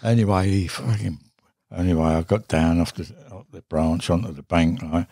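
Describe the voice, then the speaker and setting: A man's voice: sits low, fairly even intonation, normal speed, dark tone, no room sound. An older English man telling a fishing story in a rambling, casual way, swearing often and laughing as he goes, on a studio mic. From England. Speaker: guest angler. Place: podcast studio.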